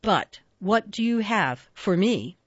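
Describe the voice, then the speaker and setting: A quiet old reindeer from a storybook, as a woman reads him, asking softly and pleadingly. The reading is slow and close, with a dry, slightly dull sound. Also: medium pitch, lively intonation, dry recording. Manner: soft and pleading. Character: silent, wistful old male reindeer.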